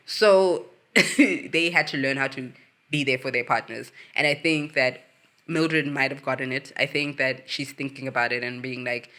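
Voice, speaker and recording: A woman's voice: sits low, normal speed. A woman hosting her own channel, chatting casually through a reality-show recap, acting out cast members' lines and laughing often. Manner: animated, acts out quotes from the cast. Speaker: host.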